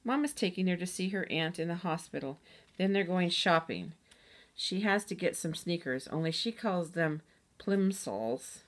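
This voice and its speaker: A woman reads aloud from a children's storybook, lightly voicing a cheerful, playful young girl who is eager and fond of jokes. Her voice is slightly low yet close to everyday speech, with lively intonation at a normal speed.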